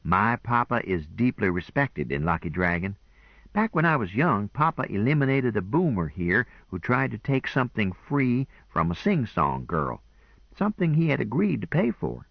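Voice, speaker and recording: A man's voice: fairly low pitch, very animated, moderate pace, gravelly, no echo, pitched above the performer's own voice, heavily acted. A man voicing a proud, earnest young woman who speaks in a matter-of-fact way, in a dull lo-fi recording.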